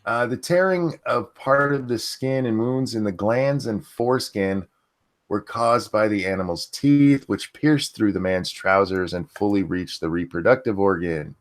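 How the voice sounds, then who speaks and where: A man's voice: fairly low pitch, unhurried. A man hosting a casual livestream, reading news items aloud and reacting bluntly with swearing. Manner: blunt, swears freely, animated. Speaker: podcast host.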